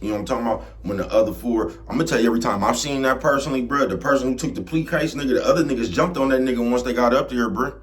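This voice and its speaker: A man's voice: medium pitch, very fast, few pauses. A man ranting casually to camera in a laid-back, streetwise way, keeps asking "you know what I'm talking about". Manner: laid-back, gets loud and heated. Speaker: vlogger.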